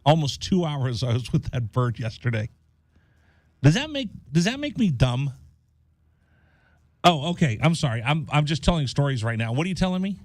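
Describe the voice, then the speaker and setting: A man's voice: on the high side, normal speed, long pauses, dry recording, clean studio sound. A man hosting a radio show, chatting casually and acting out the people in his story. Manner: animated, acts out voices in his story. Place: radio studio.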